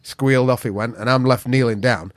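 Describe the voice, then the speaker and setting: A middle-aged man with a Yorkshire accent appears as a podcast guest, telling stories casually in a blunt, sweary style with northern dialect grammar. His medium-pitched voice is fairly quick, in clean studio sound with no room noise.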